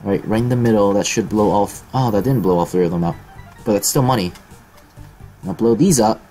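A man's voice: lowish voice, fairly quick, soft background music. A young man commentating his own gameplay, swearing often, mocking his own skill and yelping when hit. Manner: profane, self-deprecating, excitable yelps. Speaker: gaming video host. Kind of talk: let's play commentary.

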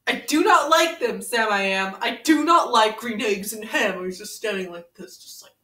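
A woman's voice: a little high, moderate pace, sharp tone. A woman playing a brash, pun-loving young woman brawler in a comedic fan parody, teasing and impatient, reading a picture book aloud in a sing-song voice. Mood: playful. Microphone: camera mic set far away. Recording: roomy room, mic far away.

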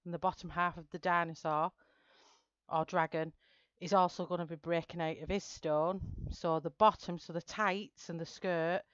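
A smooth, clear-voiced woman chats casually through a live stream, greeting viewers and talking through her plan step by step. Her voice sits a little low, and the audio is dry and somewhat dull, like lo-fi stream sound. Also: fairly even intonation, moderate pace, fairly bright tone, no echo. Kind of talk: casual live-stream chat while colouring.

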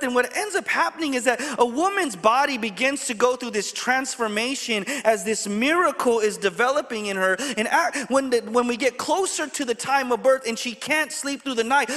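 A man preaching a sermon as a pastor, telling stories in a quick, halting way full of restarts. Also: extremely high pitch, sharp tone, long reverb tail. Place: church sanctuary.

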